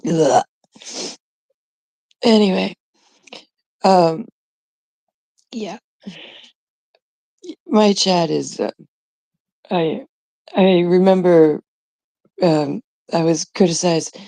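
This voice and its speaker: A woman's voice: lowish voice, drawn-out words, vocal fry, long pauses, mellow, dry recording. A middle-aged woman chatting casually with her live-stream chat, laughing often, swearing freely and greeting viewers by name. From Canada. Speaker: livestreamer.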